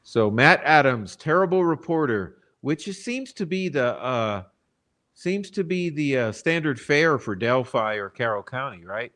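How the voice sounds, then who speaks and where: Male channel host, mid-pitched voice, swears freely, talks to his viewers in an exasperated rant. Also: lively intonation, measured pace, a bit bright. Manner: profane, blunt, exasperated; addresses the chat directly. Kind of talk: ranting true-crime commentary.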